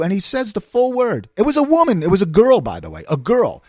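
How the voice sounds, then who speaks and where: A man's voice: very high-pitched, huge pitch swings, a little fast, hardly any pauses, a little mellow, no echo, clean studio sound. A man in his fifties from the New York City area with a New York accent, telling stories in a casual monologue, acting out quoted voices and laughing often. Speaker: podcast host.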